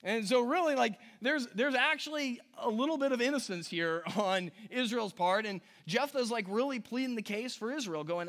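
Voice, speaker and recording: A man's voice: very high-pitched, expressive, normal speed, hardly any pauses, a bit bright. A man preaching a chatty, conversational sermon, reading scripture aloud and adding casual asides with a few chuckles. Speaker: pastor.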